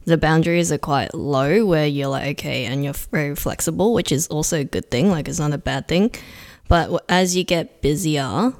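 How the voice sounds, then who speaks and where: A woman co-hosting a podcast, chatty and quick to laugh, her sentences drifting as she talks. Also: low voice, a little mellow. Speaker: podcast co-host. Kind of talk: casual podcast chat.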